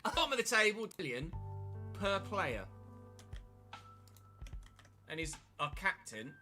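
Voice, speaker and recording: A man's voice: sits high, big pitch swings, takes it slowly, bright, forceful tone, faint music behind. Chatty man, streamer commentary. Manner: chatty, wry, replies to live chat. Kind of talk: casual game commentary.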